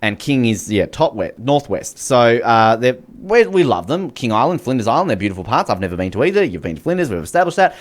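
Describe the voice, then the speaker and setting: A man's voice: mid-range voice, very animated, a little fast, few pauses. An Australian man hosting a radio show in casual, joking banter. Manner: joking, rambling, laughs often. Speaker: radio host.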